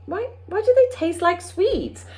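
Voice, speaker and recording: A woman's voice: lively intonation, darkish tone. A woman doing a flustered, testy king. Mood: agitated. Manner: fast, high and agitated.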